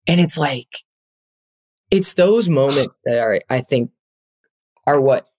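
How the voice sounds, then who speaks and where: Her pitch is extremely low and darkish, her delivery expressive and slow. She's a basketball player and interview guest, speaking earnestly and reflectively with plenty of fillers in a heartfelt, conversational exchange.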